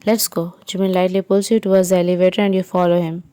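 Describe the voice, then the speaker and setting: A woman narrating a second-person fan fiction story in an even, unhurried way. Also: lowish voice, clear, resonant tone, no echo.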